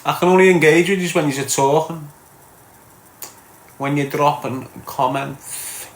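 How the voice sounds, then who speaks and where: A man's voice: fairly high pitch, unhurried, reverberant, a little hiss or hum. Scouse man chatting to his livestream. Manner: chatty, greets commenters by name, local slang. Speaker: livestream host reading chat comments. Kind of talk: casual live chat.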